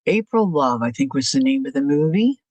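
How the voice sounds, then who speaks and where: A woman with an animated, bass, darkish voice speaks a little fast, close and dry on the mic with no echo and faint huskiness, on a rough recording. She leisurely demos a crafting project on her live stream, chatty and musing aloud as she checks in with viewers by asking them questions.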